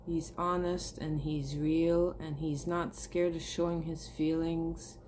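Her voice sits low with little pitch movement, slow and darkish, with a bit of background noise. The spiritual vlogger addresses viewers in an emotional, sincere monologue and swears casually.

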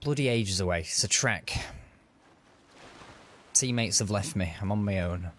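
A man's voice: fairly low pitch, unhurried, a bit bright, a little hiss or hum. A man giving casual, upbeat commentary while streaming a game. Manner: chatty, upbeat, self-narrating. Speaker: gaming streamer.

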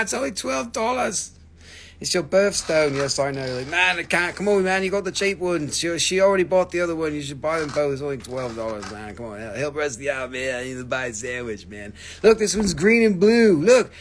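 A man hosting a live stream where he sells rocks, gushing excitably over each stone, swearing freely and bantering with viewers. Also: mid-range voice, a little hiss or hum. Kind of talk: live sales stream chat.

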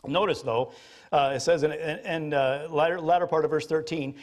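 A man, a pastor, preaching a sermon in an animated, jokey storytelling manner. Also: on the high side, moderate pace.

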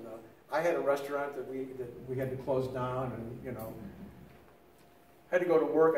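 A man's voice: mid-range voice, darkish tone, reverberant, recorded from a distance, slight background noise, low-quality recording. An older man giving a casual teaching talk on prayer, telling stories with many restarts. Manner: conversational storytelling with many restarts. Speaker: lay teacher.

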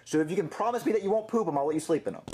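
A man's voice: high voice, expressive, rapid-fire, warm tone. A man playing an exasperated father scolding his son at bedtime in a puppet comedy sketch.

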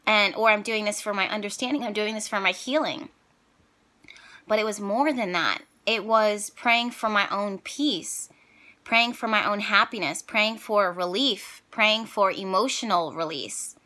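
A woman vlogger telling viewers a personal story in a casual, expressive and emotional way. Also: medium pitch, a little slow. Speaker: spiritual vlogger and reader.

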